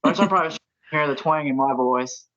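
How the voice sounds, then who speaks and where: A man's voice: on the high side, brisk, a bit bright. A man co-hosting a casual podcast, joking and telling stories. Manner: joking storyteller. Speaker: podcast co-host. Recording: dull lo-fi sound.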